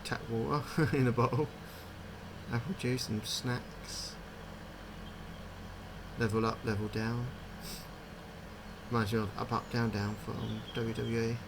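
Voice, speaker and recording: A man talks through a game in a loose, chatty way, wondering aloud at what he sees. His voice has a gravelly edge and sits at an ordinary pitch. Steady noise hums behind him throughout. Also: slow pace, pauses often. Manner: chatty, musing aloud, puzzled asides. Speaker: gaming channel host. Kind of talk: casual game commentary.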